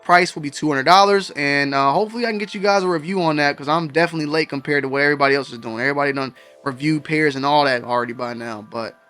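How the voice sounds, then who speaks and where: A man's voice: on the high side, very fast, hardly any pauses, bright, forceful tone, clean tone, soft background music. A man hosting a sneaker news show, talking casually and slangily straight to his viewers. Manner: slangy, conversational, addresses viewers directly. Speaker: show host.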